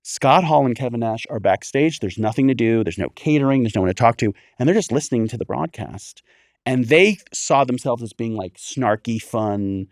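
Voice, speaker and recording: A man, a guest on a comedy podcast, telling a long story with lively energy. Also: medium pitch, normal speed, no room sound, clean studio sound. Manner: animated storyteller, acts out quoted voices.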